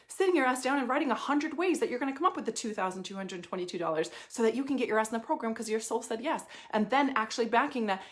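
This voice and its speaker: A woman's voice: on the high side, a bit bright. A woman coaching in a casual motivational monologue, emphatic and swearing, laughing at times. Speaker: life and money coach.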